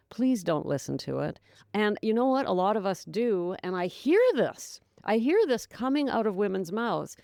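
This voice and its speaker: A woman who is a podcast host and sobriety coach talks alone on her sobriety podcast, chatty and encouraging, laughing often. Her mid-range voice is a little mellow, clear and resonant, captured as a dry, studio-quality recording.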